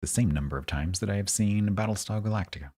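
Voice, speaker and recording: A man's voice: lowish voice, quick pace, darkish tone. A man with a London accent, chatting casually with viewers and reacting sarcastically while streaming a game. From London, England. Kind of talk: casual live gaming stream chat.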